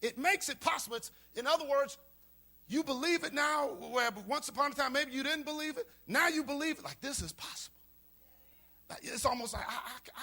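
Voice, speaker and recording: A man's voice: very high-pitched, fairly quick, bright, forceful tone. A man pastor preaching a sermon, repeating key lines for emphasis. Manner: preaching with call-and-response emphasis and repetition.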